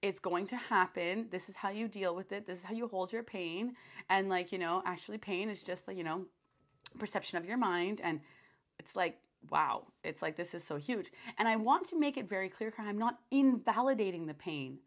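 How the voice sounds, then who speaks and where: Hosting her podcast, a young woman with a medium-pitched voice keeps a moderate pace through a meandering monologue. It's packed with fillers and false starts, and she livens up whenever she retells what she was thinking.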